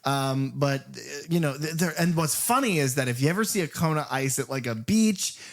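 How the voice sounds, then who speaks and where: A man's voice: on the high side, normal speed. A man co-hosting a podcast, chatting casually and animatedly about a horror sequel, swearing freely and acting out scenes. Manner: animated, profane, acts out movie scenes. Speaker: podcast co-host. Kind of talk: casual film review chat.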